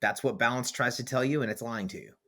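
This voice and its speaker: A man's voice: medium pitch, fast talker, a bit bright. A man hosting a podcast as author and coach, talking in a blunt, emphatic way with vivid swearing. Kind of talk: casual podcast conversation.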